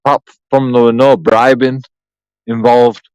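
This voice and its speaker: A man's voice: mid-range voice, flat delivery, a little slow, darkish tone, clean tone, no echo, dull audio. A man rambling sarcastically through a profane solo vlog, repeating himself as he goes. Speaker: YouTube auditor.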